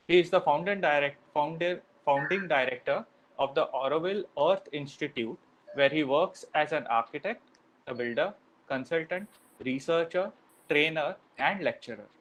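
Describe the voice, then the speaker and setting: A man's voice: on the high side, a bit bright, slight background noise, rough recording. A man moderating a webinar, welcoming guests and formally reading out a speaker's introduction.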